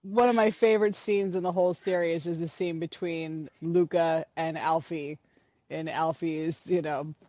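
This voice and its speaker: A man's voice: on the high side, steady tone, moderate pace, mellow, lo-fi sound. A man on a podcast talking eagerly about a favorite show. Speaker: podcast co-host. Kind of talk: casual chat.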